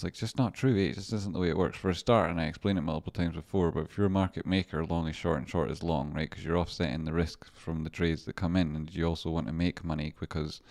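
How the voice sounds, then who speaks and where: Deep-voiced rambling livestream trader man. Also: darkish tone. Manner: rambling, swearing, laughs often. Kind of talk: casual livestream commentary.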